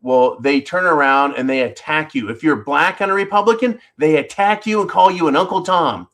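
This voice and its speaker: A man's voice: on the high side, normal speed, a bit bright. A man hosting a political talk show, ranting in a sarcastic, profane and combative way. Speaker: podcast host. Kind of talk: political rant commentary.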